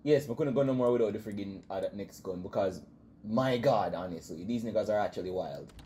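A man with a Jamaican accent commentating a game, loud and excitable, yelling and joking in patois as he plays. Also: on the low side, a little fast, slight background noise. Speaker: gamer commentator. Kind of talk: let's-play commentary.

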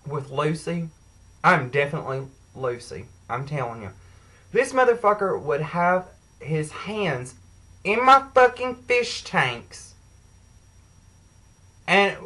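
A woman's voice: fairly low pitch, fairly bright tone, low-quality recording. Profane, fired-up woman ranting. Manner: profane, sassy, heated storytelling. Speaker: vlogger. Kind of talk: angry rant to camera.

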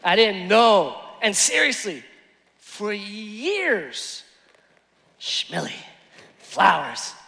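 A man preaching a sermon as pastor, telling stories with animated swings from hushed asides to shouted lines. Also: sits high, drawn-out words, vocal fry, long pauses. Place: large church hall. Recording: long hall reverb.

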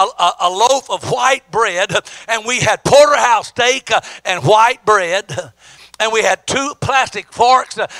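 A man's voice: sits high, sharp tone, no room sound. A middle-aged man, an evangelist, preaching a testimony with emphatic storytelling and many stammered restarts. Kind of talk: sermon testimony.

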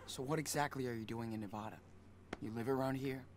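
A man's voice: mid-range voice, steady tone, fast talker, natural voice. An actor playing a bitter young man who confronts his absent mother, curt and cold in video game dialogue. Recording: game audio with faint background noise.

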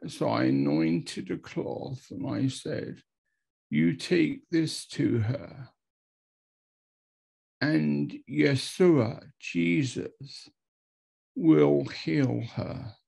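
A man who is an Anglican priest, telling a testimony story slowly and dramatically over a video call, repeating words and acting out quotes. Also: on the high side, expressive, vocal fry, mellow, breathy edge. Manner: slow, repetitive, dramatic retelling with acted quotes.

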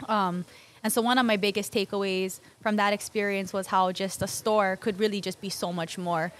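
A woman's voice: medium pitch, fairly even intonation, moderate pace, fairly bright tone. A woman from Hawaii, a local business owner, telling stories as a podcast guest and acting out dialogue with frequent laughs. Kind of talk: conversational storytelling.

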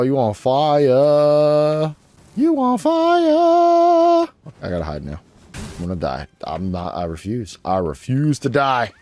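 On his gaming channel, a young man offers lighthearted, easygoing commentary while he plays, addressing the on-screen creatures as if they were pets. Every so often his voice shoots up with excitement.

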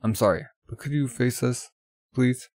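A man reading a comic aloud, voicing a stern male police officer who gives orders a little louder than his own reading voice. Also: medium pitch, moderate pace, no echo, natural voice. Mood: commanding.

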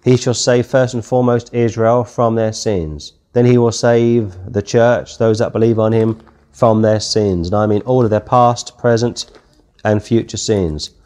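A man's voice: fairly low pitch, fairly even intonation, unhurried, darkish tone. A man with a British accent teaching a verse-by-verse Bible study, talking casually and reading the King James text aloud. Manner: conversational, reads scripture aloud in King James wording.

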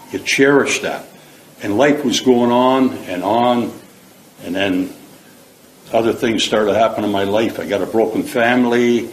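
Middle-aged man, earnest plain-spoken testimony, echoey hall. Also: fairly low pitch. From Canada. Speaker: speaker giving his testimony. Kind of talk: personal testimony. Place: church hall. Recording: echoey hall, faint background hiss.

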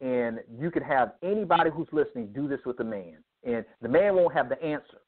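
Animated man, preacherly, over a phone line. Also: medium pitch, a little fast. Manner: emphatic, preacherly, acts out dialogue. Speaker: guest speaker on men's ministry. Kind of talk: animated interview storytelling.

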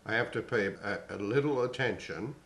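A man in his sixties, a voice teacher explaining and demonstrating vocal warm-ups in a measured, explanatory way. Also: lowish voice, echoey room. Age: 60s. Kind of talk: singing lesson demonstration.

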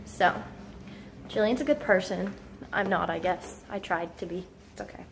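A woman's voice: lowish voice, moderate pace, gravelly, pauses often, noisy background. A young woman chatting casually in a vlog, bubbly and jokey, poking fun at herself. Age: young adult. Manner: bubbly, jokey, self-mocking. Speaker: vlogger.

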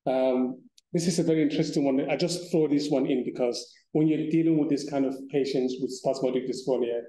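A man's voice: medium pitch, fairly even intonation, warm tone, a little hiss or hum. Man lecturing in an echoey hall. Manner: informal, chuckling asides, halting restarts. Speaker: ENT surgeon lecturing. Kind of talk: conference lecture with patient videos.

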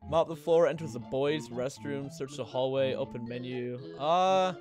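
A man's voice: medium pitch, moderate pace, music in the background. A man hosting a game playthrough, reading the on-screen text aloud in a chatty, joking way. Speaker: gameplay host. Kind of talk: let's play commentary.

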